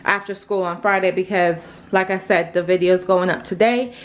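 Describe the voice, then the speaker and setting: A woman from Jamaica hosting a casual family vlog at home, chatting in an unhurried way with many filler words. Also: on the low side, fairly even intonation. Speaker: mother and family vlog host. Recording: noisy home recording.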